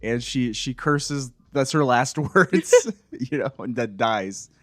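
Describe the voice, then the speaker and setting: A man's voice: medium pitch, takes it slowly, no room sound, studio quality. A man co-hosting a podcast, rambling casually, laughing often and acting out lines he recalls. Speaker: podcast co-host. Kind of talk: casual chat.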